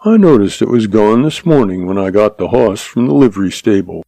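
Cocky cowpuncher, read by a man, drawling and taunting; low gravelly tone, dry audiobook sound. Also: animated, brisk, warm tone, dry recording. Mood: mocking. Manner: drawling, mocking. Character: drawling cocky cowboy puncher, taunting and quick.

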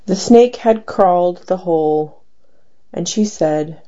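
A woman giving a poetry reading of her own poems, with a slow, deliberate and dramatic delivery. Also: on the low side, mellow. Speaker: poet. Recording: dull lo-fi recording.

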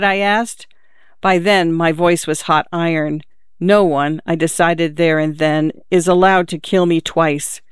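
A woman reads literary short stories for radio in a smooth, clear voice. Her delivery is measured and even, and the sound is dry and close. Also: on the low side, dry recording. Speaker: radio story reader. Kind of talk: scripted narration of short stories.

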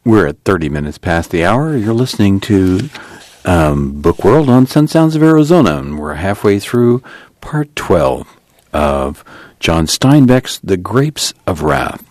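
A man's voice: low-pitched, sing-song, a little slow, a little mellow, no echo. A man hosting a radio program, giving a station break announcement at a close studio microphone.

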